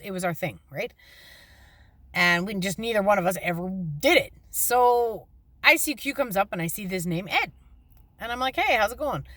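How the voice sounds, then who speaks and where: A woman's voice: fairly low pitch, a bit bright, dry recording. A middle-aged woman telling a personal story in a casual, blunt and salty way, acting out the quoted lines. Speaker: storyteller on her own channel.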